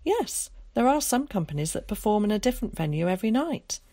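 A woman reading aloud, voicing an eager, theatrical schoolboy who loves to show off, in a lively, dramatic way. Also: mid-range voice, fairly quick, no echo, clean studio sound, voice pushed up.

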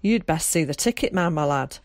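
Lady doing a big stern sergeant, booming and bossy, dry sound. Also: lively intonation, a little fast, dry recording.

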